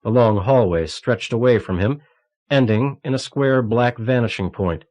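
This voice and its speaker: A man reading a thriller novel aloud in a steady, measured narration. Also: medium pitch. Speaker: audiobook narrator. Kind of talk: scripted narration. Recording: cassette audiobook transfer.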